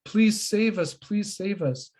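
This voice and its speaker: A man's voice: high-pitched, normal speed, pitched above the performer's own voice. A man voicing a group of frightened young cowherd boys who plead anxiously for rescue from a fire.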